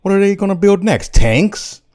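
A man voicing a crude, excitable figure who shouts high and loud. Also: brisk, lightly acted. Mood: outraged.

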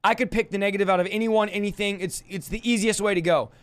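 A man's voice: high voice, steady tone, quick pace. A man preaching in a livestream Bible study, fiery and emphatic, speaking straight to the viewer.

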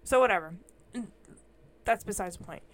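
A young woman co-hosts a casual podcast, telling stories with lots of animation and acting out what people said. Her voice sits in the middle range and moves at a moderate pace.

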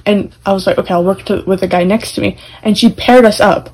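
Young woman, podcast co-host, chatty storyteller, swears a lot, mid pitch. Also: steady tone, fast talker, darkish tone, slightly rough, rough recording. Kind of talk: casual chat.

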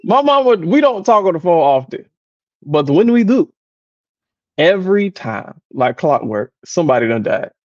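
A high-pitched man with a lively, swooping voice chats casually as a podcast co-host. He tells stories with impressions of his family and laughs often. The sound is dry and a little dull. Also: moderate pace, dry recording. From American South. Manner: animated storytelling, mimics relatives, laughs often. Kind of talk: casual chat.

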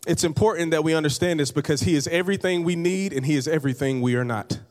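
Male pastor, slightly high voice, conversational sermon with repetition, reverberant sanctuary. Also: quick pace. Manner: conversational preaching with repeated phrases and humor. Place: church hall. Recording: long reverb of a large hall.

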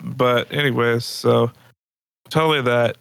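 A man's voice: medium pitch, slow pace, gravelly, slight background noise. Laughing man telling a crude story. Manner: laughing often, crude slang, animated retelling. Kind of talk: casual chat, storytelling. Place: apartment room.

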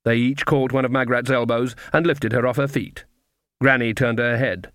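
In a dry, studio-quality recording, a man with a medium-pitched voice reads scripted audiobook narration. His storytelling is measured and even.

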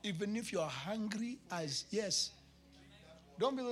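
A man with a Kenyan accent preaching a sermon to his church, emphatic, with shouted peaks and comic asides. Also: high voice, lively intonation, unhurried, slight background noise. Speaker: pastor.

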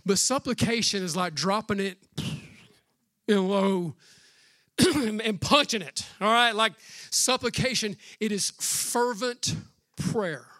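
A man preaching a sermon as pastor, in a casual, energetic way with slangy asides. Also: sits high, slow, no echo, studio quality.

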